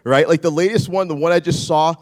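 A man with a fairly high, steady voice and a darkish tone talks a little quickly as a pastor giving a conversational sermon, often repeating his questions. He's on a handheld mic that gets swapped mid-sermon, and the recording carries a long hall reverb.

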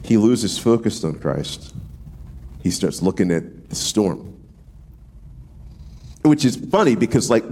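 A man preaching a casual sermon, animated and slangy, acting out voices as he goes. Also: lowish voice, breathy edge. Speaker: pastor.

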